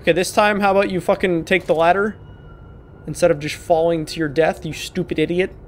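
High-pitched guy cursing and joking thru a scary game, chatty gamer. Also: steady tone, brisk, slight background noise. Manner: joking, profane, mock-apologetic banter. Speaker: gaming video host. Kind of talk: horror game let's play commentary.

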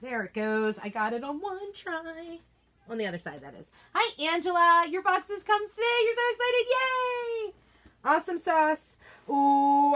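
A woman's voice: high-pitched, fairly bright tone. Bubbly woman chatting on a live stream. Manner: bubbly, gushing, greets viewers by name. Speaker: craft seller hosting a live unboxing. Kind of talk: casual live-stream chat. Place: home craft desk.

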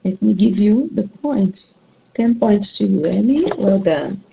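A woman's voice: mid-range voice, lively intonation, unhurried, creaky, warm tone, highs cut off. A woman teaching English online, running a rhyming word game and patiently repeating clues and praising her students.

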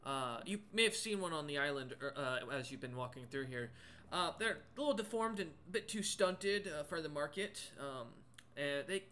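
A man's voice: fairly high pitch, sharp tone. A man voicing a tall male monster merchant who speaks politely with a lot of hesitation and stammering.

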